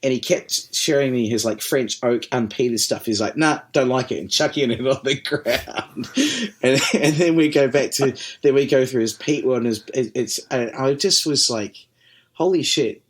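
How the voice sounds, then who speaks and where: A man with a New Zealand accent and a mid-range voice talks through his stories in a loose, animated way. He swears freely and laughs often, and he acts out the people he quotes. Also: medium pitch, moderate pace, slight background noise. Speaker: podcast guest, distillery managing director. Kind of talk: casual conversational storytelling.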